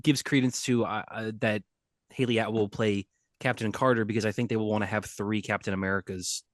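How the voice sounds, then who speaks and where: A man co-hosts a comic book podcast in a casual, rambling way, cracking jokes and laughing as he goes. His voice sits at an ordinary pitch. The sound is dry and close. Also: steady tone, fairly quick, no room sound. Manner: rambling, jokey, laughs often. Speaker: podcast co-host. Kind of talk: casual chat.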